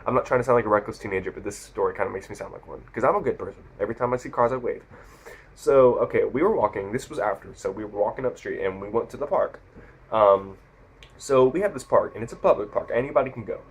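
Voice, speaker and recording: A man's voice: fairly low pitch, quick pace, breathy edge, poor audio. A sixteen-year-old boy vlogger rambling through stories into his camera mic, often correcting himself. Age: teens. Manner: rambling, self-correcting, animated retelling. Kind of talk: casual storytelling to camera.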